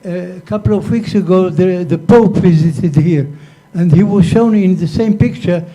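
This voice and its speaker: High-voiced man telling a wry anecdote. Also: normal speed, warm tone, low-quality recording. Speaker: audience member asking a question. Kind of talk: conference Q&A question. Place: lecture hall.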